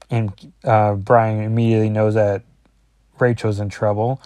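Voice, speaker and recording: A man's voice: fairly low pitch, level tone, a little fast, dark tone, no room sound, clean studio sound. A man in his forties, casually recapping a comic book in a rambling way with asides. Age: 40s.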